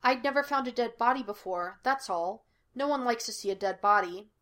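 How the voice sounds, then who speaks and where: Scattered, chirpy young cook in her twenties; woman reader voices her, light and fairly high. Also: fairly quick, close to an everyday voice. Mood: uneasy. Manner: bright, breezy, a little wild.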